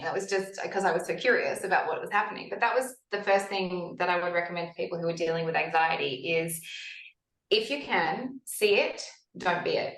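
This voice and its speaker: Animated woman in an echoey room. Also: lowish voice. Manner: animated storytelling, acts out her own past thoughts. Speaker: health practitioner, podcast guest. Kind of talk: conversational interview.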